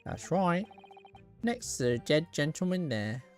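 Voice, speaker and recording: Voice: medium pitch, big pitch swings, unhurried, darkish tone, faint music behind. A streamer reading the lines of a chatty, evasive male witness in a put-on Irish brogue that slips. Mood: rambling. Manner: attempted Irish brogue, soon dropped. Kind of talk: game dialogue read aloud.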